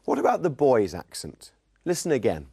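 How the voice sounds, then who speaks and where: A man co-presenting a scripted English lesson in a friendly, clear, instructive tone. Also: mid-range voice, huge pitch swings, moderate pace, dark tone.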